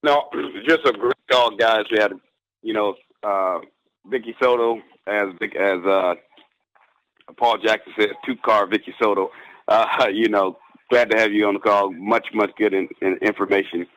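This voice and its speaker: A man, a pastor, giving closing remarks on a conference call, unhurried, clearing his throat between thoughts. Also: lowish voice, fairly even intonation, fairly bright tone, highs cut off.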